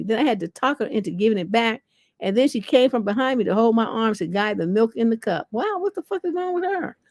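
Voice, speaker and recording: A woman's voice: medium pitch, no room sound, studio quality. A middle-aged woman hosting a livestream as a relationship coach, reading listener questions aloud and answering in a blunt, profane, mocking way. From Northern California. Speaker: relationship coach and show host.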